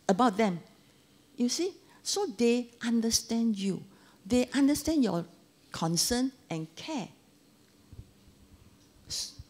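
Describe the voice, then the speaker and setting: Animated Singaporean woman in her sixties. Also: mid-range voice, slightly rough. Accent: Singaporean English. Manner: animated storytelling with local slang. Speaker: Dharma speaker. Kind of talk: anecdotal Dharma talk.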